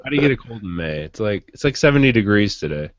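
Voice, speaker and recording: A man's voice: fairly low pitch, big pitch swings, fast, dry recording. A man hosting a podcast, voice nasal from a head cold, chatting casually. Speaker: podcast host. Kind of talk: casual chat. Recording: dull lo-fi audio with faint noise.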